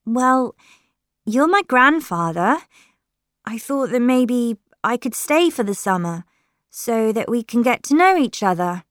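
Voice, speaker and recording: Woman reader voicing a young girl, high and raw-edged, drawn out slowly. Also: very animated, no echo, clean studio sound. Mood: hopeful. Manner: high, emotional, pleading then shouting. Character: upset young girl meeting her grandfather.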